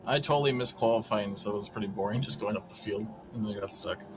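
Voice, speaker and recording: A man's voice: on the low side, quick pace, background noise. A man in a casual racing chat, teasing the others with jokes. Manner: teasing, jokey. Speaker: league racer.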